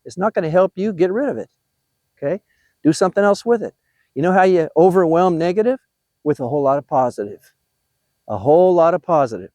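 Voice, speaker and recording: An older man giving a motivational talk to new youth soccer coaches, animated and encouraging, often checking in with his listeners. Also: fairly high pitch, brisk, pauses often, no room sound.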